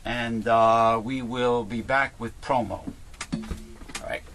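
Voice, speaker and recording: A man's voice: mid-range voice, little pitch movement, takes it slowly. Male host, casual chat, rambling with lots of fillers, faint noise behind. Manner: rambling, chatty, many fillers and restarts. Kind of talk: casual talk show chat.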